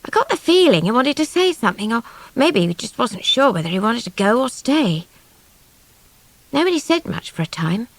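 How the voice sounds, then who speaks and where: A woman's voice: fairly high pitch, sing-song, moderate pace, no room sound. A woman narrating a story in a chatty, girlish first-person voice. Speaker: audiobook reader.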